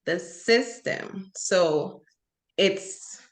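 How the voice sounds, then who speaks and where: A woman's voice: mid-range voice, extremely slow. Young woman co-host, earnest and impassioned, casual talk. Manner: earnest, impassioned, many fillers. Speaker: podcast co-host. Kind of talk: casual chat.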